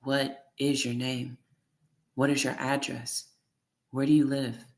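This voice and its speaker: A reader voicing a slow, over-enunciating nurse. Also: mid-range voice, flat delivery, a little mellow, close to an everyday voice. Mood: insistent. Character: insistent hospital nurse, adult woman.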